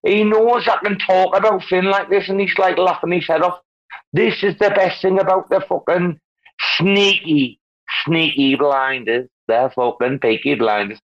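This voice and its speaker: A boisterous man who rambles and swears his way through loose banter, his pitch jumping all over the place. His voice comes through a muffled, lo-fi online call line. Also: steady tone, normal speed. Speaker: guest speaker in a crypto audio space. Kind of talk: rowdy casual banter.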